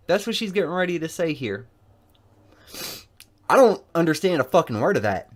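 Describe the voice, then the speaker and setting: A man's voice: on the high side, sing-song, normal speed, pauses often. A man giving profane, angry reaction commentary on a video, mocking and swearing constantly.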